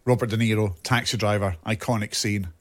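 A Scottish man co-hosting a podcast, talking in a playful, animated way and laughing easily, recorded indoors in a studio office. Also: fairly low pitch, fairly quick. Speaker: podcast co-host and radio presenter. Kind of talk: casual podcast chat.

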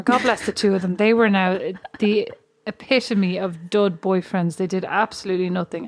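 A woman's voice: mid-range voice, fairly even intonation, fairly quick, hardly any pauses, no echo. A woman with an Irish accent co-hosting a chatty podcast, rambling and restarting her sentences and laughing often. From Ireland. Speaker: podcast co-host. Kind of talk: casual chat.

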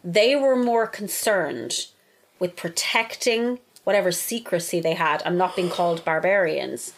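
A woman's voice: on the low side, a little slow. A woman with an Irish accent, co-hosting a casual chat and talking heatedly, swearing and acting out what others say. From Ireland. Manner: heated, swearing, acts out quotes.

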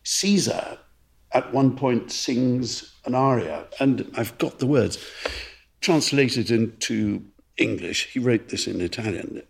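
A man, a conductor and co-host, explaining opera in a measured, explanatory podcast chat. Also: medium pitch, vocal fry.

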